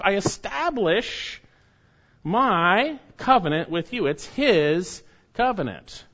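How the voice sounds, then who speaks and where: A man preaching an expository sermon, emphatic, often restating his phrases and swinging between loud and soft. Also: fairly high pitch, muffled recording. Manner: emphatic, restates phrases, rises and drops in loudness. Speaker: pastor.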